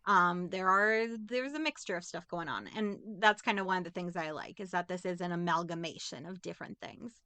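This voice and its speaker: A woman's voice: on the low side, fairly quick, few pauses, sharp tone, clean tone, dry recording. A woman co-hosting a podcast, casually recapping a movie plot with sarcastic jokes. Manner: sarcastic, jokey, acts out characters' lines. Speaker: podcast co-host.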